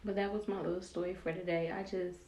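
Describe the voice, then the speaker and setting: A young woman telling a story from her teenage years while doing her hair, casual and animated, acting out what people said. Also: fairly low pitch, fast talker. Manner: animated, acts out quoted voices, slangy and candid. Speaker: vlogger. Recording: roomy echo with faint background noise.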